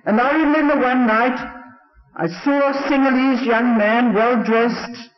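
A man's voice: very high-pitched, fairly even intonation, unhurried. A man with an English accent, a Salvation Army preacher telling stories earnestly in a sermon, in a roomy, dull old recording. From England. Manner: storytelling, earnest.

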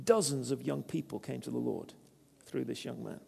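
A man's voice: mid-range voice, normal speed, gravelly, mellow, big-room sound, slight background noise. A man preaching a sermon, earnest and conversational, telling personal stories. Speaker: preacher, former vicar.

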